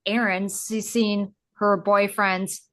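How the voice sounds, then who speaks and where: A young woman co-hosting a casual podcast, recapping a film in a halting way with restarts and lots of filler words. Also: mid-range voice, little pitch movement, fairly bright tone. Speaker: podcast co-host. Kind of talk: casual movie recap chat.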